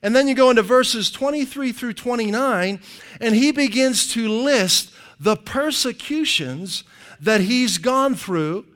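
A middle-aged man preaching a sermon as pastor, conversational and animated, tossing out rhetorical questions. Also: very high-pitched, unhurried.

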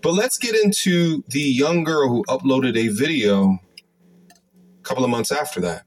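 A man's voice: mid-range voice, animated, moderate pace. A man hosting reaction commentary, speaking to his viewers with plenty of "um" fillers and a moralizing tone. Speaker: commentary host.

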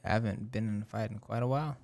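A man's voice: fairly low pitch, rapid-fire, gravelly, a little mellow. A man in casual chat with friends, telling a long story loosely with lots of fillers and swearing. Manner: rambling, loose, profane storyteller with many fillers.

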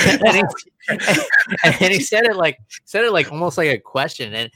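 A man's voice: sits high, very animated, bright, forceful tone, no echo. A man talking casually about a fight, full of restarts and fillers as he thinks aloud. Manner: fast, rambling, many restarts and fillers. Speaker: MMA analyst guest. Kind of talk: casual podcast chat.

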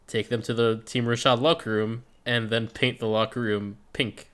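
Podcast co-host, man, laid-back recap voice, curses casually, mid-pitch. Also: flat delivery, moderate pace, fairly bright tone, clean tone. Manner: laid-back, swears freely, trails off.

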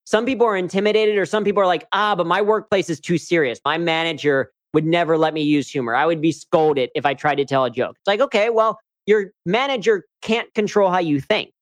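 An upbeat, chatty man speaking as a guest in a casual interview, voice sitting a little high. The sound is dry and close, with no room around it. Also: fairly quick, few pauses, no room sound. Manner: upbeat, chatty, frequent "right?" asides. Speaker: guest, humor coach and speaker.

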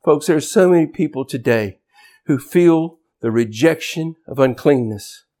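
A man preaching a sermon as pastor, swinging from loud shouted emphasis to quiet, low asides. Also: lively intonation, normal speed.

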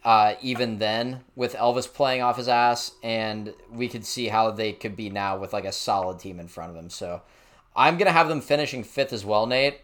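A man's voice: fairly low pitch, normal speed, a bit bright. Joking, foul-mouthed man on a podcast. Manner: blunt, swears casually, joking. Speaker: podcast co-host. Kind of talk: casual sports chat.

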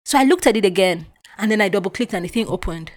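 Animated and emotional, a young woman from Nigeria hosts a podcast and tells a personal story, switching voices to act out each exchange. Her voice sits at a middle pitch and moves from loud bursts to quiet drops. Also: fast talker. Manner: animated, emotional retelling with acted-out quotes. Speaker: podcast host.

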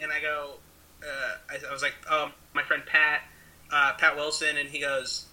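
A young man with a very bright, slightly high voice tells a rambling story in casual chat. He fills it with "like" and "um" and plays out the people he quotes. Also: level tone, normal speed, poor audio. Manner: rambling, filler-heavy, acts out quoted voices.

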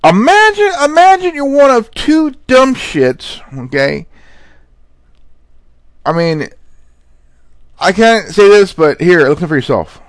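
Rambling, cursing man with a high voice. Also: very animated, slow, pauses often, no echo. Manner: rambling, profane, repeats words and says "okay?" often. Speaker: host. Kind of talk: casual commentary on viral clips.

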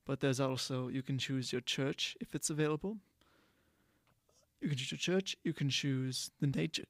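Male podcast host, gravelly tone, rambly delivery with lots of restarts, dry close sound. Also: medium pitch, steady tone, normal speed, dry recording. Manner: rambling, frequent restarts and self-corrections. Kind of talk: casual solo podcast talk.

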